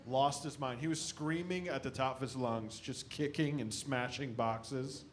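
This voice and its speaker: A stand-up comedian man from the American Midwest, telling animated stories about his family on a club stage. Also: mid-range voice, measured pace. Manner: animated storytelling, shouting impressions of his dad.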